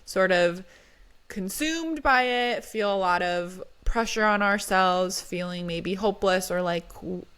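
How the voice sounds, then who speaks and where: A woman's voice: medium pitch, unhurried, fairly bright tone, clean tone. Giggly woman co-hosting a podcast. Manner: giggly, laughs often. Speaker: podcast co-host. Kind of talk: casual chat.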